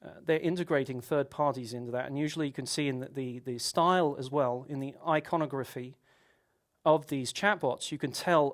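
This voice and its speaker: A man's voice: mid-range voice, moderate pace. A man giving a technical conference talk, explaining at length with rhetorical questions and frequent restarts. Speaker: conference speaker.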